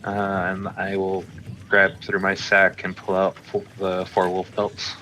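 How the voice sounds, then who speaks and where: A man's voice: sits low, monotone, slow, pushed and bright, a little hiss or hum. A man playing a tabletop game, speaking hesitantly while bargaining in character. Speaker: player. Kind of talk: casual tabletop play.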